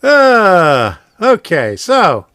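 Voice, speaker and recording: A man's voice: sits high, huge pitch swings, very slow, fairly bright tone, clear, resonant tone, dry recording, clean studio sound. A man hosting a casual live stream from his home train room, rambling, chuckling often and reading viewers' comments aloud.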